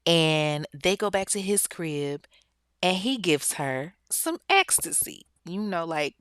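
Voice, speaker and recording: A woman host tells a true-crime story in a loose, blunt way. She swears freely and keeps turning to her listeners. Her voice sits low and the recording is close and dry. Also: animated, slow, a bit bright, smooth, dry recording. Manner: chatty, blunt and profane, with frequent asides to listeners. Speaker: podcast host.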